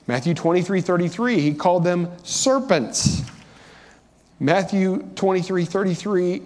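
A man's high, slightly mellow voice carries a sermon at a measured pace as he preaches in a church sanctuary. He keeps it conversational but raises his voice for emphasis, and the long reverb of the church hall is audible.

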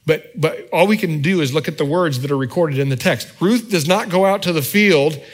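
A man preaching a sermon in a conversational way, often checking in with the congregation with quick asides. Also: a little high. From United States. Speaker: pastor.

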